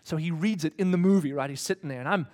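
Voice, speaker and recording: A middle-aged male pastor delivering a sermon in a fairly high voice. He tells stories with drama and swings from hushed, breathy whispers up to full shouts. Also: fast talker.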